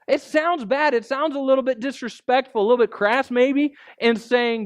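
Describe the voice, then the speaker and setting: A man's voice: very high voice, animated, brisk. A male pastor preaching a sermon in a conversational way, peppering his points with rhetorical asides.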